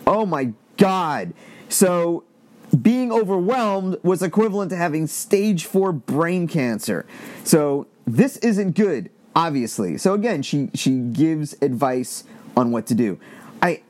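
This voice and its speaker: A man's voice: on the high side, animated, takes it slowly, a little mellow. A man in casual commentary, reading quoted text aloud and adding blunt, exasperated asides with free swearing. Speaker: commentator reading an online thread.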